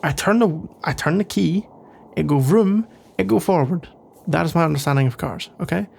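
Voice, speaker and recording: A man plays a sarcastic young office rival for an ASMR role-play, grumbling in a dry voice that is heavily gravelly and gritty. His tone sits a bit on the high side for a man. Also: steady tone, moderate pace, a little mellow.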